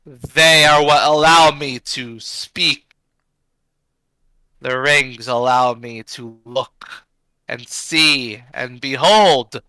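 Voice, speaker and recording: A man's voice: mid-range voice, bright, forceful tone, no room sound, rough recording. A man doing a solemn ancient rock spirit. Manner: slow, grave, deliberate pronouncements.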